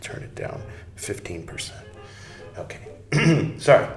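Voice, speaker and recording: A man's voice: lowish voice, very animated, slow, whispered. A man hosting a podcast, reading a text aloud with wry, irreverent asides and some swearing. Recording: roomy echo, faint music.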